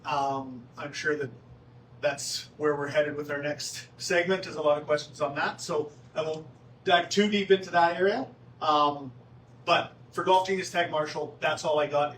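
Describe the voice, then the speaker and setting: A man's voice: fairly high pitch, fairly even intonation, moderate pace, fairly bright tone. A man presenting golf club updates at a town hall meeting, casual and joking with the audience. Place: meeting room. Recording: echoey room, distant mic, faint noise.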